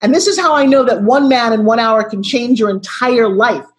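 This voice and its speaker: A woman in her sixties, a guest on a video call interview, telling her story in an expressive, dramatic way. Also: a little high, normal speed.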